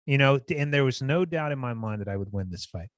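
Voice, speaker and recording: A man's voice: medium pitch, fast talker, no room sound, studio quality. Blunt, profane male podcast co-host. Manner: blunt, profane, animated when mocking others. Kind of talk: casual chat.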